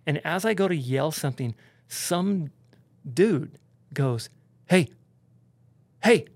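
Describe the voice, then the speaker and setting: A man, a podcast guest, telling a story in a casual, animated way, full of swearing and "like" and "dude". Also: fairly high pitch, takes it slowly, no echo. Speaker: podcast guest, pro snowboarder.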